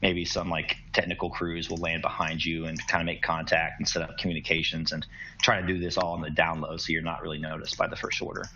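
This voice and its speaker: A man running a tabletop role-playing game, narrating the scene and explaining the plot with a relaxed, filler-heavy manner. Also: sits low, fast talker, muffled recording, slight background noise. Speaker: game master.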